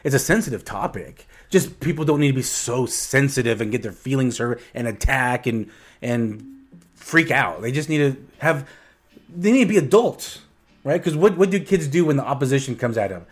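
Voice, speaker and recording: A man's voice: mid-range voice, lively intonation, moderate pace, slightly rough. A man co-hosting a casual podcast chat, talking emphatically and often repeating his first words as he starts a thought. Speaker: podcast co-host.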